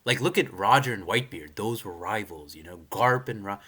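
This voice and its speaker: A man's voice: lowish voice, animated, brisk, pushed and bright, breathy edge. A young man reacting live to a manga chapter in a casual, rambling rant, full of fillers and restarts, swearing and opinionated. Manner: rambling, heavy use of "like" and "you know", frequent restarts.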